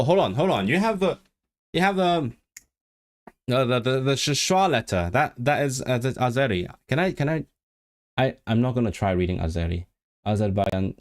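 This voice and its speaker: A man hosting a casual livestream, reading viewer comments and sounding out foreign words with many restarts and repeated words. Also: medium pitch. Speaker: livestream host.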